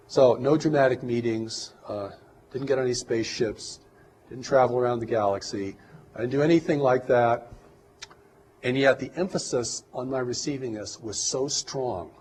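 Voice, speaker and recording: A man giving an interview as a guest, talking in a calm, reflective and earnest way. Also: mid-range voice, creaky, a little hiss or hum, poor audio. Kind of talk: interview talk.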